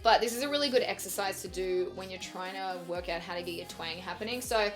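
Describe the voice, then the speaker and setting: A woman's voice: on the low side, fast, faint music behind. A young woman teaching singing in a chatty, upbeat vlog, breaking off to demonstrate sung exercises. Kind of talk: vocal lesson vlog.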